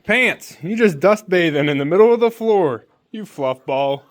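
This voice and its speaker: A man's voice: high voice, lively intonation, normal speed, no room sound. Man chatting to his chickens outdoors. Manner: chatty, talks fondly to his chickens and ducks. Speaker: homesteader vlogger. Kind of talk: casual narration while doing farm chores. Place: outdoors on a homestead with poultry.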